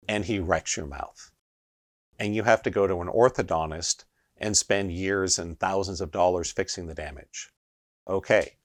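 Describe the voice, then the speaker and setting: Emphatic man teaching in a dry, low voice. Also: dry recording. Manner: emphatic, keeps asking rhetorical "right?". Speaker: energy healing teacher. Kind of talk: instructional video monologue.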